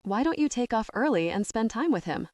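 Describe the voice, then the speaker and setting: A woman's voice: a little high, lively intonation, a little fast, darkish tone, no room sound, pitched above the performer's own voice, natural voice. A woman reading the lines of a dry, commanding male billionaire in an audiobook, in a clipped, dry manner.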